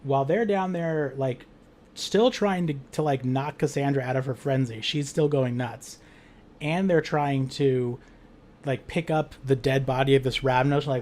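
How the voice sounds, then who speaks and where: A man's voice: mid-range voice, moderate pace, darkish tone. A man recapping a tabletop game as game master, rambling with lots of fillers, swearing and laughing. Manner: rambling, full of "like" fillers, profane, laughs a lot. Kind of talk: casual retelling of a tabletop game.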